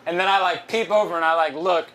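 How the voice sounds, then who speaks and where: A man's voice: high-pitched, steady tone, fast, a bit bright, a little hiss or hum. A young man doing a stand-up comedy set at a live show, telling rambling, profane stories and laughing at his own jokes.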